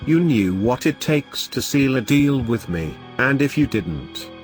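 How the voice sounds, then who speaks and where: A man's voice: medium pitch, big pitch swings, a little slow, soft background music. A man voicing a wicked, cackling female trickster spirit who mocks her victim. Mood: mocking. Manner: mocking, taunting.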